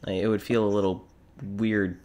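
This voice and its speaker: A woman voicing a gruff, fatherly man in a live tabletop role-play, speaking in a dry, teasing, unhurried way. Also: a bass voice, little pitch movement, warm tone. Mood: wry.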